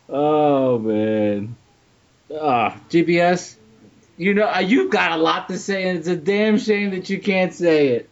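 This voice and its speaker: A man's voice: a little high, takes it slowly. A man hosting a casual comedy podcast, laughing often and stammering as he talks. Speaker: podcast host. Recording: dull lo-fi podcast audio.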